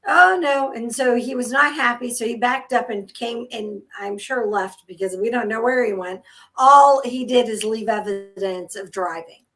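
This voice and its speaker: Woman co-host in her fifties, fairly high voice, lively storyteller in casual chat, laughs a lot. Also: moderate pace. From United States. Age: 50s. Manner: animated storyteller, laughs often.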